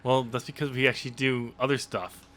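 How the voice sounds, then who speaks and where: Bright-voiced man hosting a podcast. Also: medium pitch, little pitch movement, brisk. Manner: dry, laughs often, steers the talk. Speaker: podcast co-host. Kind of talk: casual wrestling podcast chat.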